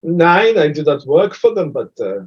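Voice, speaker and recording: A man's voice: a little high, big pitch swings, normal speed, husky. A man voicing a blunt, matter-of-fact female giant in a tabletop game, talking plainly with small hesitations. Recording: dull lo-fi recording.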